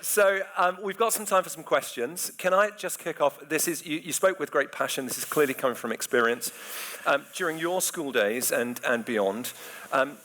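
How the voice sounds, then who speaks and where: Bright-voiced man hosting a Q&A. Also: on the high side, moderate pace. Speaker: head of the school, hosting the session. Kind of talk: moderating questions.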